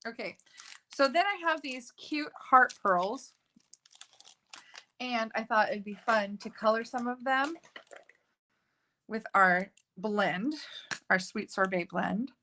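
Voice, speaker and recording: A woman's voice: fairly high pitch, takes it slowly, long pauses, bright, forceful tone, a little hiss or hum. A woman hosting a live card-making tutorial, chatty and gushing, with frequent fillers. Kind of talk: live crafting tutorial chat.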